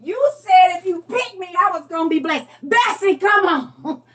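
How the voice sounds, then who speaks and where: A woman's voice: extremely high pitch, lively intonation, moderate pace, a bit bright, distant mic, pitched above the performer's own voice. Woman doing a fed-up man hauling a cow. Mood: grumbling. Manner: exasperated, coaxing and complaining. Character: grumbling man dragging a scrawny cow.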